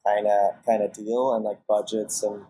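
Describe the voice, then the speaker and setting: A man's voice: lowish voice, level tone, moderate pace, dark tone, breathy edge, low-quality recording. A man being interviewed as a guest on a podcast, talking casually and rambling with many fillers and restarts while acting out his own reactions. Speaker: podcast guest, casting director and manager.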